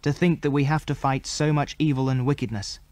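A man's voice: mid-range voice, steady tone, a little fast, a little mellow, no room sound, close to an everyday voice. A man voicing a grave, kindly father speaking to his children in an audiobook.

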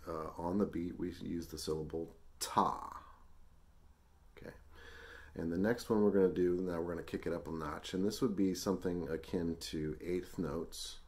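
Deep-voiced male music teacher, easygoing and chatty, demonstrating counting on camera. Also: moderate pace. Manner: relaxed, chatty explanations with ums and small laughs. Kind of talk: music lesson, demonstrating rhythm syllables.

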